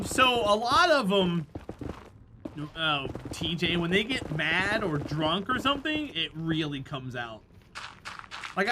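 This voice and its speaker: Chatty male streamer, high voice, rambling casual talk over clear background noise. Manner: rambling, chatty, laughs easily. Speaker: game streamer. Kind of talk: casual live-stream chat while gaming.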